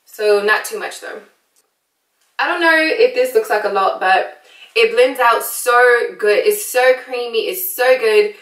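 A woman's voice: on the high side, a little slow, a bit bright. American woman faking a British accent. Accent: put-on British. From United States. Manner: playful, chatty, laughs often. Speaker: beauty vlogger. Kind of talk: casual makeup tutorial. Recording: echoey room, distant mic.

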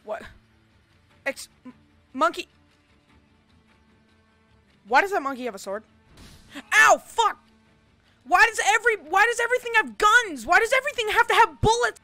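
A woman narrates her game with mock-heroic drama, cursing and yelling at enemies. Her voice is very high and bright, and it sits dry and close with almost no room sound. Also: sing-song, moderate pace, long pauses, no room sound, soft background music. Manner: melodramatic mock-heroic monologues, swearing and yelling. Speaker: gamer. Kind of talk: gameplay commentary.

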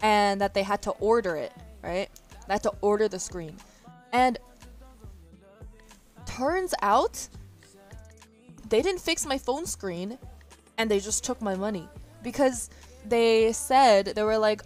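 A woman's voice: medium pitch, measured pace, long pauses, soft background music. A young woman streamer chatting casually with her viewers, rambling, swearing freely and laughing often. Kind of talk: casual chat. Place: indoors near a window. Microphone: iPhone as webcam.

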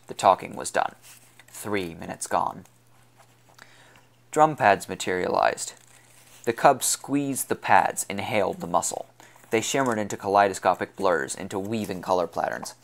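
A man reading a science fiction novel aloud as narrator, in an even, unhurried storytelling manner. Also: lowish voice, creaky. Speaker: audiobook reader. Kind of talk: scripted narration.

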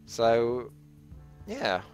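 A man's voice: medium pitch, big pitch swings, extremely slow, faint music behind. A man vlogging about fitness, telling a story in a rambling, candid way and swearing freely. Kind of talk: casual storytelling vlog.

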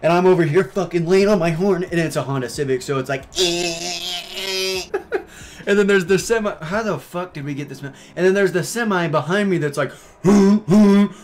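A young man chatting casually over gameplay, telling a story full of swearing and fillers, and getting loud and worked up at the game. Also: fairly high pitch, fast, few pauses, a little hiss or hum. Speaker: gaming YouTuber.

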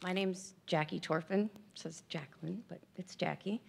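A woman's voice: on the low side, fairly even intonation, normal speed, creaky, noisy background. A woman in her fifties giving candid, self-deprecating personal remarks at an event, tearful and emotional at times. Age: 50s. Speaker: speaker at an event.

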